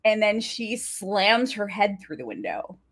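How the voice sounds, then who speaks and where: A woman's voice: mid-range voice, a little slow, slightly rough. A woman co-hosting a podcast, recapping a TV episode in casual chat, acting out quotes and laughing often. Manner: animated storytelling, acts out quotes, laughs often. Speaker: podcast co-host.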